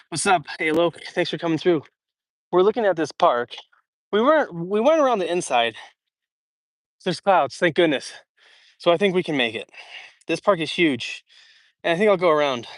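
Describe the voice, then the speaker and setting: Young male streamer, slightly higher voice, chatty and filler-heavy, overheated on an outdoor walk, dry phone-mic sound. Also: no room sound. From Idaho. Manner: chatty, rambling, many fillers and restarts. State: hot and sweaty from walking. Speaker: livestream host answering chat. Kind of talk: casual walk-and-talk livestream. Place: outdoors in a large public park.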